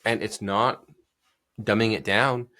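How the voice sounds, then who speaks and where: A man's voice: on the low side, steady tone, slow, sharp tone. A man hosting a solo podcast, talking casually and emphatically with many fillers and restarts, and reading a passage aloud. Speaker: podcast host.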